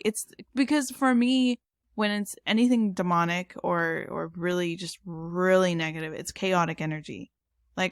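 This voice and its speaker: A woman co-hosts a podcast in a chatty, rambling manner, full of fillers and restarts. Her voice is mid-pitched and recorded dry and close. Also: a bit bright, smooth, no room sound. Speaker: podcast co-host. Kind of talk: casual chat.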